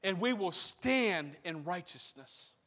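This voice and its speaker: A man's voice: high-pitched, animated, slow pace, bright, forceful tone. A man preaching a sermon as pastor, repeating phrases for emphasis and building in intensity. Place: church sanctuary. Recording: long hall reverb.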